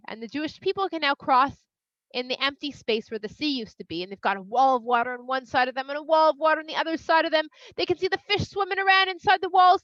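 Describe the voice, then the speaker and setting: A woman tells a children's story in a high, bright voice with lively, playful delivery. The recording is dry and a little muffled. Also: dry recording. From Toronto, Canada. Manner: animated, expressive, playful asides. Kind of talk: storytelling for kids. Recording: slightly dull, dry sound.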